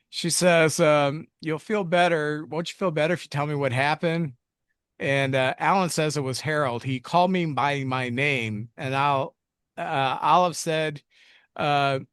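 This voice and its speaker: This film podcast co-host rambles through a plot recap with jokes and digs at himself, keeping it a casual chat. He's a man with a higher-leaning, fairly bright, clean voice. The sound is clean studio audio with no echo.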